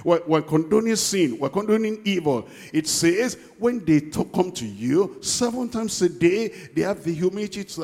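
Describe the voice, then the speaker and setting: A man preaching a sermon, emphatic and repeating his key points, slowing down to read scripture aloud. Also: fairly high pitch, animated, vocal fry, a little mellow, long reverb tail.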